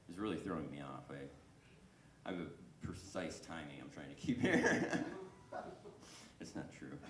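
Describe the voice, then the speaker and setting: A man's voice: fairly low pitch, fairly bright tone, slight background noise. A man doing a stand-up comedy set on a club stage, self-deprecating and chatting with the crowd. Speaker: stand-up comic. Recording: echoey club room with faint background ambience.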